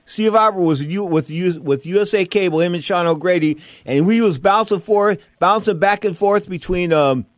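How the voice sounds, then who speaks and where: Guy hosting sports talk radio, rambly and excitable, kinda high voice, dry mic. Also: normal speed, hardly any pauses, no room sound. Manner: excitable, rambling, tells stories with asides. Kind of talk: radio talk show chat.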